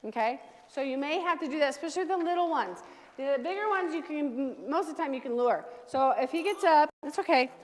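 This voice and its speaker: High-voiced woman coaching a dog class. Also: lively intonation, slight background noise. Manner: brisk coaching, gives direct commands to owners and dogs. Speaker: dog trainer. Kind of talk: hands-on class instruction. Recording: long reverb from a large room.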